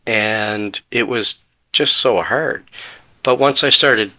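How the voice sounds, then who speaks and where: A man's voice: fairly low pitch, slow, pushed and bright. A man in his forties, a podcast guest earnestly telling his own story and acting out the conversations he had. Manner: earnest, retells talks with quoted dialogue. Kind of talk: personal storytelling.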